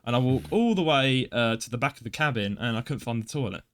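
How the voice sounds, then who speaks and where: A man's voice: mid-range voice, animated, fast talker, a bit bright. A young man telling an embarrassing story on a podcast, self-deprecating and acting out his own reactions. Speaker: podcast co-host. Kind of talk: casual storytelling.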